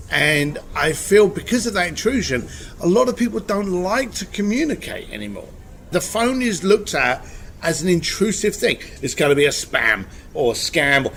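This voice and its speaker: A blunt man talking casually as an interview guest, his voice sitting a bit high for a man and swinging widely in pitch as he tells his stories. He is frank and lively, never stiff, and drops the occasional swear word. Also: slight background noise. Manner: blunt, animated storytelling with profanity.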